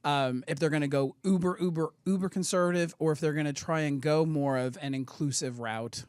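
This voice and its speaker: A man on a talk show chats in a fairly high voice and reads news with wry, sarcastic jabs. The sound is close and dry. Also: fairly quick, a little mellow, smooth, no echo. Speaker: actor guest. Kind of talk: casual chat.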